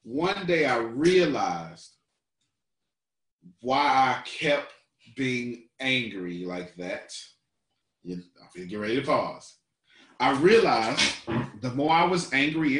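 A man's voice: medium pitch, lively intonation, slow pace, pauses often, fairly bright tone, roomy sound, distant mic. A man coaching a group, talking playfully and teasing, laughing often. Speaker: business coach.

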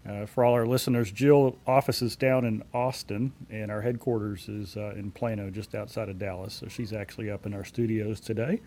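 A man in his forties, a company CEO, being interviewed and telling anecdotes in a relaxed way with frequent fillers. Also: on the low side, normal speed, few pauses, a little hiss or hum. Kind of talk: conversational storytelling.

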